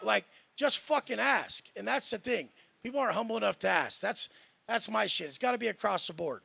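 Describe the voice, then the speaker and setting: Brash, profane man on a panel, high-pitched and heavily gravelly, bright edge to the voice. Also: lively intonation, brisk. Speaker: panel guest. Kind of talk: heated podcast panel talk.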